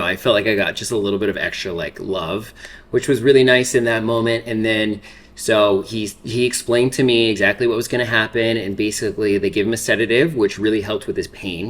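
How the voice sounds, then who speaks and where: Male makeup vlogger in his 30s, slightly low voice, rambling casual chat, fighting tears. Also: a bit bright. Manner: rambling, filler-heavy storytelling. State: holding back tears. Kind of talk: casual get-ready-with-me chat.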